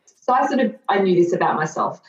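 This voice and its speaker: A woman's voice: medium pitch, expressive, fast talker. A woman in her thirties, a guest telling her own story candidly, reflective and earnest with flashes of self-mocking sarcasm. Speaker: podcast guest. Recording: dull, roomy lo-fi recording.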